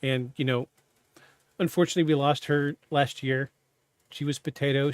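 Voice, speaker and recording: A man hosting a podcast, telling a personal story in a halting, candid, self-interrupting way. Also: medium pitch, fairly even intonation, no room sound. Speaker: podcast host. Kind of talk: casual storytelling.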